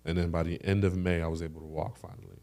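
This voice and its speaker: A young man with a fairly low voice co-hosts a casual podcast. He tells stories with lots of energy and throws in sound effects to act out what happened. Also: quick pace. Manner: animated storyteller with sound effects. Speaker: podcast co-host.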